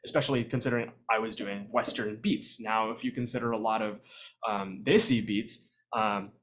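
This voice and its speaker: A man presenting a virtual workshop on vocal percussion, explaining in a relaxed conversational way with frequent fillers, over a video call. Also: fairly low pitch, normal speed.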